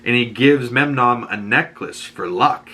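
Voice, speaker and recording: Bright-voiced man recapping a show. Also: mid-range voice, unhurried. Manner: rambling, animated retelling with filler words. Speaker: YouTube reviewer. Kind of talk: casual episode recap.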